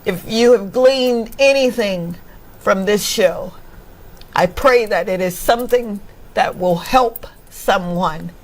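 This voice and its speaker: A woman's voice: medium pitch, slow pace, a little mellow, low-quality recording. A woman from Mississippi hosting a talk show, emotional and close to tears, laughing often as she thanks her guest. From Columbus, Mississippi, US. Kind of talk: casual talk show chat.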